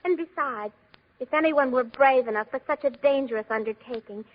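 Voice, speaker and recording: An actress playing a gentle young princess who speaks sweetly and earnestly, in 1940s radio acting style. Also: female voice, high-pitched, fairly quick. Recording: echoey dull old radio recording.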